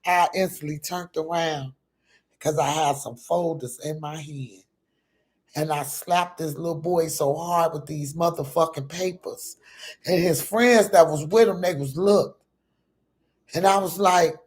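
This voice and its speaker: A woman's voice: deep voice, a little slow, a little mellow, husky. A middle-aged woman telling a personal story to her viewers in an emphatic, profane, casual way, often calling out to them directly.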